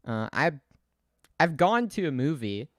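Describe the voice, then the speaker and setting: A man's voice: a little high, very animated, unhurried, a bit bright, dry recording. Young guy rambling on his stream, giggles a lot, lots of uh and like, dry close mic. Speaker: livestreamer. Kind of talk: casual stream commentary. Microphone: desk mic, untested.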